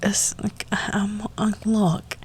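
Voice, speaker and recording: A young man hosting a casual solo podcast, telling a rambling story with animated asides, little laughs and hushed remarks. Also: high-pitched, slow, husky. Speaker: podcast host.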